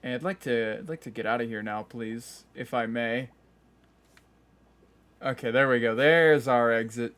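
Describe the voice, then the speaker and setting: A man's voice: mid-range voice, measured pace, long pauses, a bit bright. A man streaming a game live, talking casually and joking at himself with frequent laughs, keyboard typing behind him. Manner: chatty, self-mocking, laughs often.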